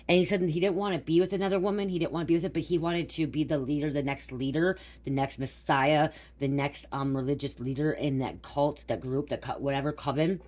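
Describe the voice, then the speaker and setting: A woman's voice: sits low, fairly even intonation, brisk, few pauses, darkish tone, poor audio. A woman, a psychic reader with school-age daughters, talking casually and rambling through a spiritual reading, often restarting and checking in with "okay?" and "you guys". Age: adult parent of school-age daughters.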